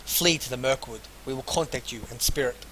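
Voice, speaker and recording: A man's voice: medium pitch, fairly quick, pushed and bright, a little hiss or hum, low-quality recording. A man playing a role-playing game, reading the on-screen text aloud and adding casual offhand remarks. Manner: reads game text in full, then drops casual offhand asides. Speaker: let's player.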